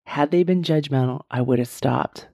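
Woman in her 50s, host of a reflective talk, mellow tone, dry close sound, earnest and repetitive for emphasis. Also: low-pitched, normal speed, vocal fry, no room sound. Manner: earnest, repeats points for emphasis, asks "right?" often. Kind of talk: reflective motivational monologue.

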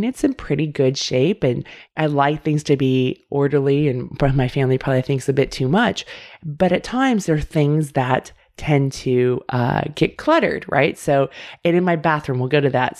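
A woman's voice: deep voice, darkish tone. A middle-aged woman hosting a self-help podcast, talking casually and candidly straight to her listeners. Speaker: podcast host.

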